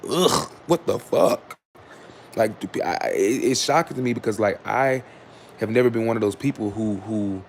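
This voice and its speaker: Speaking straight to his livestream chat, a male host has a low, gravelly voice and a sarcastic, candid tone as he rambles and restarts. At times he turns to loudly scolding commenters. Faint noise runs beneath the recording.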